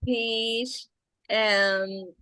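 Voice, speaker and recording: A young Ecuadorian woman, a native Spanish speaker, answering in halting learner English with many pauses and fillers. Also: a little high, steady tone, sharp tone, dry recording, rough recording. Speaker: student.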